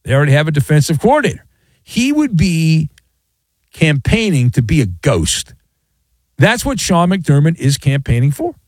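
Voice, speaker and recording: A man hosting a sports talk radio show, riffing sarcastically in a jokey, animated monologue. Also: fairly high pitch, a little fast, no room sound.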